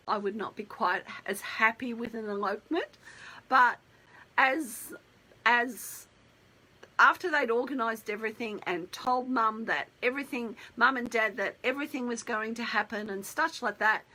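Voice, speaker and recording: A woman's voice: fairly high pitch, bright, forceful tone, poor audio. A middle-aged woman wedding planner telling wedding stories in a chatty, rambling way full of asides. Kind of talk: casual storytelling.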